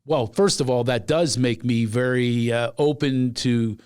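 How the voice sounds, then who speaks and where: A middle-aged man from Philadelphia hosting a podcast, telling stories in a lively, animated way and quickly agreeing with his guest. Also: mid-range voice, smooth, no room sound, clean studio sound. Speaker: podcast host. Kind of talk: casual conversation.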